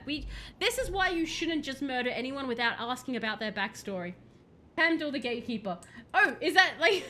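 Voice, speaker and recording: A woman's voice: high voice, sharp tone, a little hiss or hum. A young woman streaming a video game, chatting casually with playful, rambling jokes. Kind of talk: casual live-stream chat while playing.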